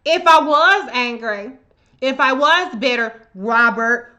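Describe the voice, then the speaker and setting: With a voice that sits high and sounds pushed and bright, an American woman speaks slowly on her livestream. She offers heated, profane, confrontational political commentary with emphasis, addressing her commenters head-on.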